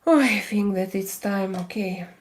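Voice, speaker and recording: A woman's voice: medium pitch, unhurried, a little hiss or hum. A woman hosting a casual livestream, chatting with viewers in a loose, rambling way with many fillers. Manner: chatty, many fillers and restarts, switches into mock-Spanish bits. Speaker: livestream host. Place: home, doing makeup on stream.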